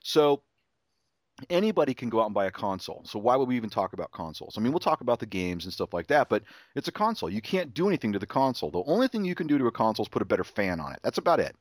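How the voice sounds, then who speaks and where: A man's voice: mid-range voice, big pitch swings, rapid-fire, no echo, clean studio sound. A middle-aged man, a podcast host, telling a rambling story in casual chat, restarting sentences and acting out his son's voice.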